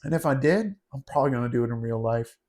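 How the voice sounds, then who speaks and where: A man telling a wild story on a podcast, animated and laughing, calling his cohost "dude" and "bro". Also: medium pitch, fast. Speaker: podcast host. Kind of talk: casual storytelling chat.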